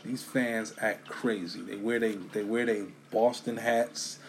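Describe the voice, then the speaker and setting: New dude going off about sports fans, cussing a lot, gets loud then drops low, faint hiss behind. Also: male voice, unhurried. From New York. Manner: animated, profane, swings from loud bursts to low mutters. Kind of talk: casual profane monologue.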